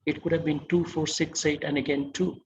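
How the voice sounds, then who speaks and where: A man's voice: fairly high pitch, flat delivery, fairly quick, lo-fi sound, a little hiss or hum. Man lecturing an online masterclass. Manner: engaging, quizzes audience, warm praise.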